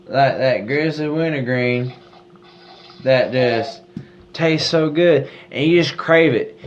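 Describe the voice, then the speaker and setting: Rambling man with a mock good-ol'-boy drawl. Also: on the high side. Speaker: podcast co-host. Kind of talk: comedic podcast banter. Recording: slightly dull recording with faint noise.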